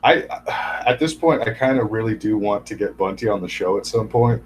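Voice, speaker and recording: A man joining a stream as a guest, trading crude, deadpan mock insults. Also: on the low side, a little fast, a little hiss or hum. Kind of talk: casual crude banter.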